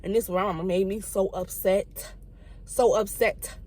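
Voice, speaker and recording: A young woman telling a profane, animated story and acting out the people in it. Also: mid-range voice. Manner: fast, profane, animated storytelling with quoted voices. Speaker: vlogger. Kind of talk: casual storytime.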